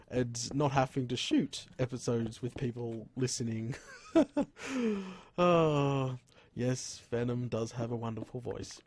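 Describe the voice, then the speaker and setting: An Australian man chatting on a casual gaming live stream at home, rambling, laughing often and exclaiming "crikey" into a boom arm microphone. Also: a little mellow, no echo. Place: room at home.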